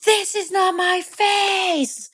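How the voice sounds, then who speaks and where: A woman voicing a small girl who screams in distress, with shrill, frantic yelling. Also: fairly even intonation, very slow, exaggerated voice.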